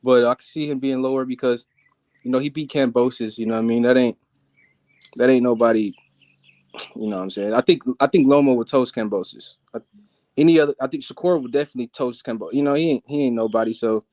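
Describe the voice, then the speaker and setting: Man, mid pitch, hesitant, restarts, dry close sound, caller. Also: quick pace, darkish tone, no echo. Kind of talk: casual debate call-in.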